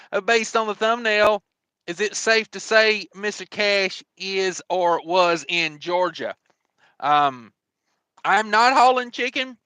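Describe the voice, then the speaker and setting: A man's voice: high voice, bright, forceful tone, smooth, no echo. A man hosting a casual trucking livestream, rambling and joking with lots of fillers. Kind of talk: casual live-stream chat.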